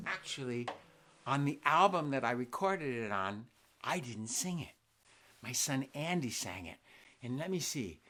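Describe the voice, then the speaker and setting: A man's voice: fairly high pitch, fairly bright tone, a little hiss or hum. A man in his sixties from New Jersey, hosting a live family concert, chatting in a friendly, rambling way and thinking aloud between songs. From New Jersey, USA. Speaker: children's singer and concert host.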